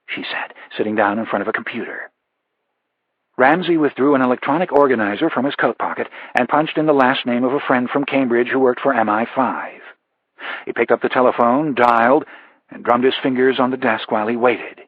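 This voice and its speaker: A man narrating a thriller audiobook in a measured, even way. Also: mid-range voice, husky, no room sound. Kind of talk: scripted narration. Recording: dull lo-fi audiobook recording.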